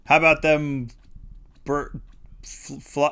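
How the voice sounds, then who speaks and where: A man co-hosting a live stream, easygoing and quick to laugh, hedging his opinions. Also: a little high, flat delivery, sharp tone, smooth. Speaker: streamer co-host. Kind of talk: casual chat on a live stream.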